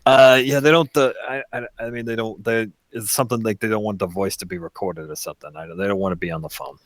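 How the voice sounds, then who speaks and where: A jittery hostage stammers through a phone call, his voice low and dry, tripping over fillers as he relays his captors' demands, as a game master puts him on. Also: fairly even intonation, quick pace, no echo, lightly acted. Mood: nervous. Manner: stammering, filler-heavy, anxious. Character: nervous captive young man on the phone.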